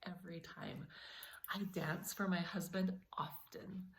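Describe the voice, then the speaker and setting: A woman's voice: fairly low pitch, steady tone, measured pace, a little hiss or hum. A woman vlogger talking to camera in an earnest, encouraging way, speaking straight to her viewers. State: a little emotional. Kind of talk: heartfelt talk to camera.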